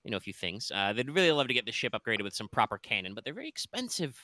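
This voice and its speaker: A man's voice: mid-range voice, very animated, racing, bright, forceful tone, no room sound. A man running a tabletop game as game master, chatty and jokey.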